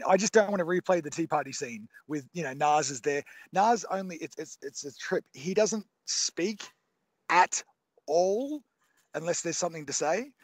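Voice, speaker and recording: A man's voice: fairly high pitch, no echo. A man in his thirties, a recording engineer, telling studio stories in a loose, rambling interview with lots of restarts. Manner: rambling with many restarts and fillers. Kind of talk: casual interview talk.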